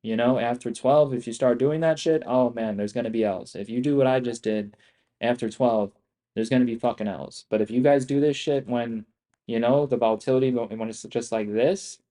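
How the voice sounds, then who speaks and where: A young man hosting a live trading stream, ranting casually with heavy profanity and slang, excitable and rambling. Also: medium pitch, normal speed. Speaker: livestream trading host.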